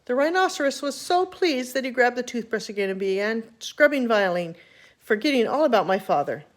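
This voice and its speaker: An older woman with a fairly high voice reads a children's chapter book aloud a little fast, in an expressive storytelling manner.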